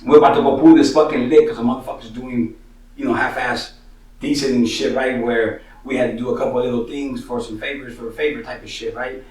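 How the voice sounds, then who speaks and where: A man's voice: medium pitch, steady tone, quick pace, darkish tone. A man from San Jose, telling his own street stories in profane slang and filling his talk with "you know what I'm saying" and "money.". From San Jose, Northern California. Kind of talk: casual street storytelling. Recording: roomy, distant mic.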